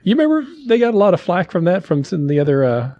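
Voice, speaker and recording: Casting: podcast guest, mid-pitch, very lively, rambly with lots of "uh" and restarts. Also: male voice, fast talker, muffled recording. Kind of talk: casual chat.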